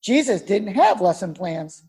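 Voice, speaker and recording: A woman pastor preaching a sermon, telling stories at a measured pace and dropping low and soft to make a point. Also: very animated.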